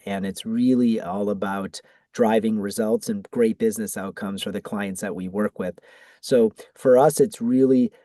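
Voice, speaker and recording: A middle-aged man from Massachusetts with a Boston accent, answering interview questions in a measured way with frequent ums and restarts. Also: lowish voice, dark tone, dry recording. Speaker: guest, ad agency founder.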